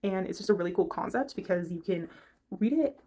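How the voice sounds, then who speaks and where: Her mid-range voice is dark-toned, lively in intonation and fairly quick as this book reviewer talks books from her bedroom. It's a chatty, rambling conversation, and she keeps stopping to search for words.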